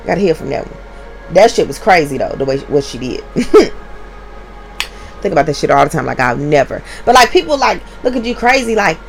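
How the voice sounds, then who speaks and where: Animated, profane young mother ranting. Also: lowish voice, creaky. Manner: animated, profane, emphatic storytelling to viewers. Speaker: mother telling a story. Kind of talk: casual storytime vlog.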